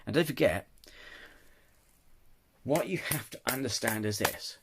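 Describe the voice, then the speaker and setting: A man's voice: mid-range voice, lively intonation, a little slow, background noise. A man ranting in a casual opinion video, stumbling over words, restarting sentences and apologizing often. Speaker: channel host. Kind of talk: casual opinion rant to camera.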